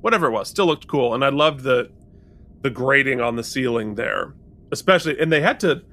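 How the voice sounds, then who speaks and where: Speaking a little fast at a medium pitch, this podcast co-host chats casually through a TV episode review. He animatedly recaps the scenes and quotes lines along the way.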